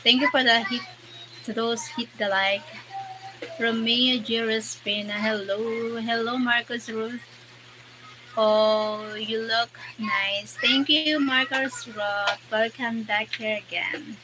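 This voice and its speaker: A woman's voice: a little high, fairly even intonation, slow pace. A young woman with a Filipino accent chatting casually on a live stream, greeting and thanking viewers by name and mixing Tagalog with English. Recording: noisy background.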